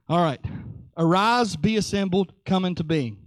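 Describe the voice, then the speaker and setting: A man preaching with a high, bright-pitched voice and a playful, animated delivery. He jokes and slips into quick acted-out voices while he teaches. The sound is close and dry, with no room echo. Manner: lively, joking, acts out voices. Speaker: pastor. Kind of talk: sermon.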